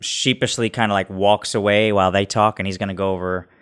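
Male player, very low voice, loose rambling delivery. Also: steady tone, fast, fairly bright tone, smooth. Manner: rambling, full of "like". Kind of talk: casual chat at a game table.

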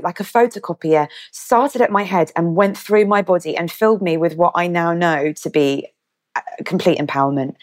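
A woman, a guest vividly retelling a personal story and acting out the dialogue. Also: lowish voice. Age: 30s. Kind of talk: storytelling in an interview.

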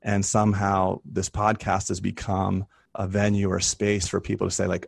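A man's voice: low voice, monotone, normal speed, creaky, hardly any pauses, no echo, clean studio sound. A middle-aged man hosting a podcast, telling stories in a candid, emotional way. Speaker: podcast host. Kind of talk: casual podcast conversation.

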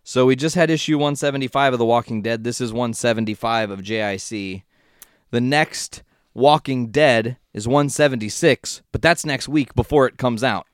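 A man's voice: normal speed, clean tone, no room sound, clean studio sound. A man co-hosting a podcast, casual and loose, swearing freely as he talks. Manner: loose and profane, pitch jumping around. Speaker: podcast co-host.

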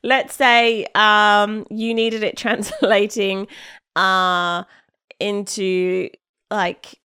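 A woman's voice: medium pitch, flat delivery, very slow, pushed and bright, smooth. A woman co-hosting a podcast in casual chat, often laughing while she explains things. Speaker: podcast co-host.

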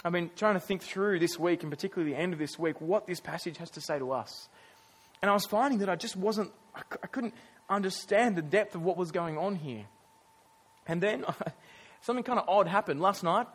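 A male pastor preaching a sermon, earnest and emphatic, with storytelling pauses and casual asides. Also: sits high.

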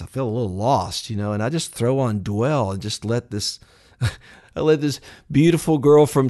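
A man in his sixties, appearing as a guest in a casual interview, talks in a rambling, heartfelt manner with lots of fillers. His voice is medium-pitched with a darkish tone.

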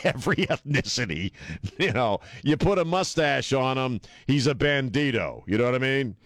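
A man's voice: medium pitch, dry recording. A man hosting a talk radio show, blunt and joking, laughing often as he chats in a studio. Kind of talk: casual radio banter. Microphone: studio microphone.

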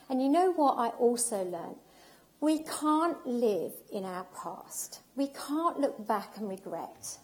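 A woman speaking from the heart at a live event, her voice a touch high. She is audibly emotional and leans into her words with emphatic repetition. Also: expressive, slow pace. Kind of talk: emotional personal talk.

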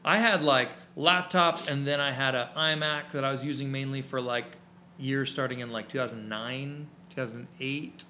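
Bright-voiced man on a casual podcast. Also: mid-range voice, steady tone, moderate pace, slight background noise. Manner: loose, rambling, lots of fillers and restarts. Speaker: podcast co-host and photography teacher. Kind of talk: casual podcast chat, live-streamed. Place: his small photo studio.

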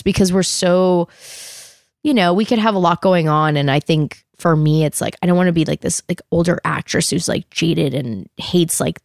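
A middle-aged woman from Canada talks casually as an interview guest. Her voice is low with a gravelly edge, recorded close and dry. She rambles and swears lightly, laughing as she goes. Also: a little mellow, dry recording. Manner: chatty, swears casually, laughs often, acts out quotes.

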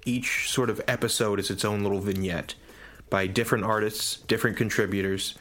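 Casting: male podcast co-host, low voice, relaxed and chatty, an animated storyteller. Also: fairly quick. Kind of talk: casual podcast chat.

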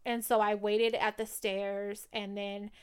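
A woman's voice: mid-range voice, level tone, takes it slowly, clear, resonant tone. A young adult woman co-hosting a podcast, telling a long story in casual, slangy, profane chat. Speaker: podcast co-host.

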